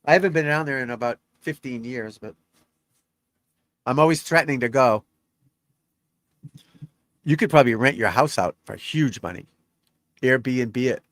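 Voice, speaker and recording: A man's voice: medium pitch, moderate pace, long pauses, fairly bright tone, dry recording. Rambling man chatting on a dry live stream. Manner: rambling, talkative, reads off scores. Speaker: golf instructor streaming live. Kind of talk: live-stream commentary and chat with viewers.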